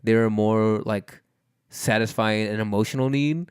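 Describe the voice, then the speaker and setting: A man's voice: fairly low pitch, steady tone, a little slow, darkish tone, clean tone, dry recording, studio quality. A young man co-hosting a casual podcast chat, rambling with lots of fillers and playful mimicry. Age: young adult. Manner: rambling, filler-heavy, mimics voices for laughs. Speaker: podcast co-host.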